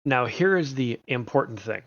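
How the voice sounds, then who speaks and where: A man at a tabletop game talks in a mid-pitched, hesitant way, debating his choices aloud. The sound is dry and dull, like a lo-fi recording. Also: animated, moderate pace, a bit bright, no echo. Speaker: player. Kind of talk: casual tabletop game chat.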